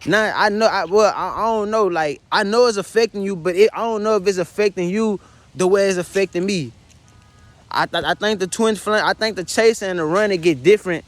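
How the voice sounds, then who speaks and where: Distraught young man venting, high voice. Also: fairly quick, no echo. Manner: distraught, addresses listener as "son" constantly, profane, repetitive. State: tearful. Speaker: vlogger. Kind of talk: emotional confessional monologue. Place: his bedroom.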